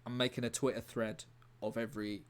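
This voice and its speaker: A man streaming live in a rambling, deadpan way, breaking off to answer his chat. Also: fairly low pitch, fairly quick, smooth. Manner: rambling, deadpan, self-interrupting. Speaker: livestreamer reading chat. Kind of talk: casual livestream chat.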